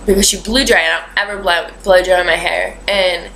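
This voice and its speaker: A woman's voice: on the low side, steady tone, moderate pace, creaky, a bit bright, a little hiss or hum, rough recording. A young adult woman vlogging in a chatty, rambling way, with lots of fillers as she tells a story. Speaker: beauty vlogger. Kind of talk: casual chat.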